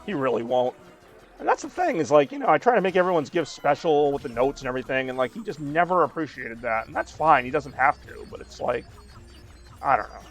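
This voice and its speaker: A man's voice: fairly high pitch, very animated, brisk, soft background music. A man in his thirties streaming a game and chatting casually, rambling with lots of fillers. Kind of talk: casual chat while gaming.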